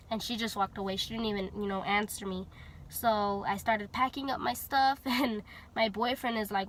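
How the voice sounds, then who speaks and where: Here a young vlogger from Houston, Texas, tells her own story casually, chatting with plenty of fillers and performing the dialogue she quotes. She speaks at a normal speed in a somewhat high, slightly bright voice with fairly even intonation, over faint background noise.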